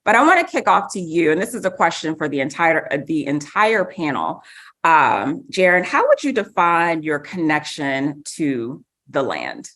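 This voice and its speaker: A woman's voice: low voice, sing-song, normal speed, a bit bright. A woman moderating a panel in a casual, upbeat way, hyping up the audience and guests.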